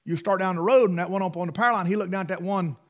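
A middle-aged man preaching a sermon, fervent, swinging between loud bursts and hushed asides. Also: high voice, very fast.

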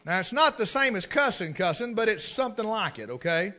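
A middle-aged man, preaching a humorous sermon in a folksy storytelling way, swinging between loud and hushed. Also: high-pitched, big pitch swings, fairly quick.

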